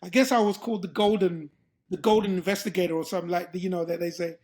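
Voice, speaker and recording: Quick and high-pitched, a middle-aged man from England tells a lively story as an interview guest in a casual setting, breaking into laughter and doing voices for the people he describes.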